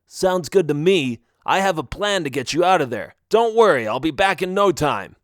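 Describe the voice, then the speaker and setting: An eager, upbeat young miner lad, voiced by a man reading an audiobook. The voice sits a touch high and swings widely in pitch. It is recorded close and dry. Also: lively intonation, normal speed, no room sound, natural voice. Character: bold young male miner friend, eager. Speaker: audiobook reader. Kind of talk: audiobook character voice.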